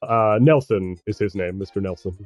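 A man's voice: fairly low pitch, a little slow, dry recording, highs cut off, soft background music. A man narrating as game master of a tabletop game, hesitant and often restarting, with laughs.

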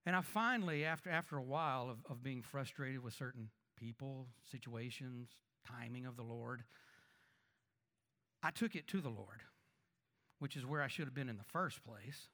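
A man preaching as a pastor, talking conversationally and asking the congregation rhetorical questions, his voice swinging between emphatic lines and quiet asides. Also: mid-range voice, normal speed. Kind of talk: sermon.

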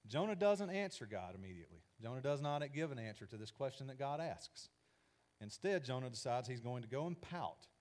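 A man's voice: mid-range voice, a little mellow. A man preaching a sermon in a conversational, emphatic way. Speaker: pastor.

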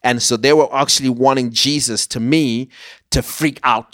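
Man, Bible study teacher, repeats words as he goes, dry close sound, mid-pitched voice. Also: steady tone, moderate pace, fairly bright tone, no echo. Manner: repeats words while searching for the next phrase.

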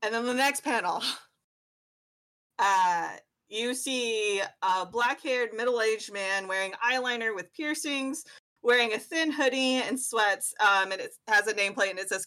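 A woman's voice: fairly high pitch, measured pace, pushed and bright. A woman game master narrating a tabletop role-playing game, chatty and giggly with lots of fillers.

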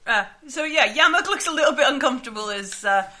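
A woman's voice: high-pitched, animated, fast talker, bright, forceful tone. A woman narrating a tabletop game as game master, hesitant and laughing often.

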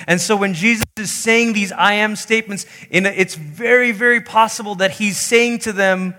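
Male pastor, sermon, emphatic delivery, higher voice with ringing hall reverb. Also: moderate pace, sharp tone. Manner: emphatic, voicing quoted pleas in a higher pitch.

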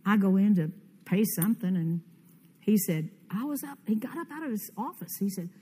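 An older woman preaching a conference sermon, fervent and commanding, with sudden loud rises in her declarations. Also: mid-range voice, animated, normal speed, breathy edge. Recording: long hall reverb.

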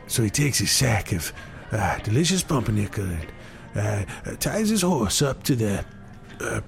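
A man's voice: on the low side, very animated, a little slow, gravelly, faint music behind. A man telling a rambling comic tall tale, meandering with lots of fillers. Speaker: storyteller.

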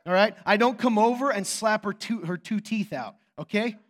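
A man in his thirties preaching a sermon as pastor, telling a story with swings between hushed and loud delivery. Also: high voice, moderate pace.

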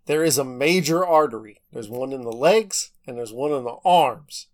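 A man's voice: medium pitch, lively intonation, normal speed. A man co-hosting a podcast, chatting casually and cutting in with dry, teasing jokes. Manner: dry teasing interjections, joking. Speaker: podcast co-host. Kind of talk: casual chat.

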